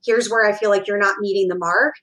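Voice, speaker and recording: A woman's voice: medium pitch, steady tone, quick pace, a bit bright. A woman recruiter speaks as a podcast guest, with a mid-range voice. She explains her advice thoughtfully, using examples and a few fillers. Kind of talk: casual interview chat.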